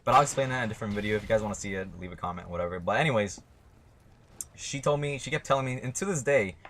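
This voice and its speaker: Low-voiced young man, rambling and profane. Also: rapid-fire, fairly bright tone, a little hiss or hum. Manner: rambling, swears a lot, blunt. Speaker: vlogger. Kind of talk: casual storytelling to camera.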